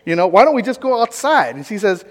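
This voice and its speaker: Pastor type, man, high and very lively voice, chatty sermon in a reverberant hall. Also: fast. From United States. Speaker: pastor or Bible teacher. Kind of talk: interactive sermon.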